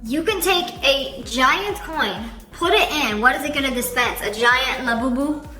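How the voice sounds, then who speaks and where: A high, bright-voiced woman chats her way through viral clips, quick with a sarcastic quip. She sounds like she is in an echoey room, with faint music playing underneath. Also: animated. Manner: chatty and playfully sarcastic. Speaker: reaction video host. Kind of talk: casual reaction commentary.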